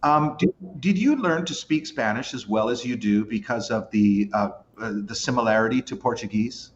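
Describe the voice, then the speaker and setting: A Canadian man in his fifties, guesting on a podcast, chats casually in a rambling, self-deprecating way full of animated storytelling. His voice is medium-pitched at a normal speed, and the recording sounds lo-fi.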